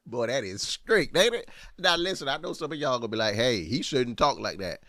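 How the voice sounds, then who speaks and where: A man, a pastor, giving casual commentary as he reacts to clips, animated and often exclaiming. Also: mid-range voice, moderate pace, no room sound, clean studio sound.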